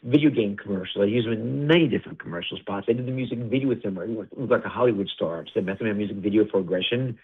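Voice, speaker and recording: A middle-aged man tells blunt, animated stories as an interview guest and swears freely. His voice is low and husky, and he talks quickly. The sound is narrow and tinny, like a phone call. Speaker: guest, wrestling TV producer. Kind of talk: candid interview storytelling.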